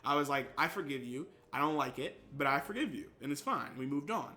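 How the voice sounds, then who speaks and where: Bright-voiced young man telling stories. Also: brisk, hardly any pauses. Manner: animated storyteller, acts out quotes with big pitch jumps. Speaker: gaming streamer. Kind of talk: casual chat with stream viewers.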